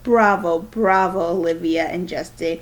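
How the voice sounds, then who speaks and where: A woman's voice: on the low side, a little slow, close to an everyday voice. A woman reading aloud, voicing a beaming male teacher congratulating students. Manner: warm, enthusiastic praise.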